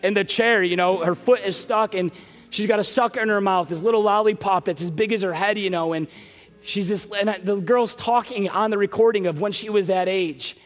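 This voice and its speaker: Middle-aged male pastor, high voice, emotional storytelling sermon, long church reverb, soft music under. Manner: storytelling, emotional, breaks into quick asides. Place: large church sanctuary.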